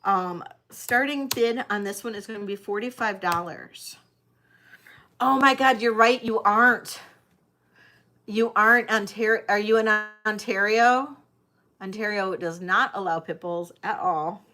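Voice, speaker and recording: A woman's voice: mid-range voice, a little slow, sharp tone. A woman hosting a live-stream vintage jewelry sale, chatting directly with her viewers. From Detroit area, United States. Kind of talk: live-stream auction chat.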